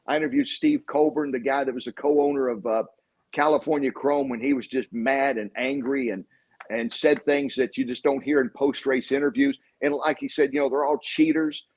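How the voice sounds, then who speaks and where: A sportscaster being interviewed, telling rambling anecdotes full of fillers. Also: male voice, mid-range voice, fairly even intonation, moderate pace, darkish tone. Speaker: sportscaster guest. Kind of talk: casual interview storytelling. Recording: dull lo-fi recording.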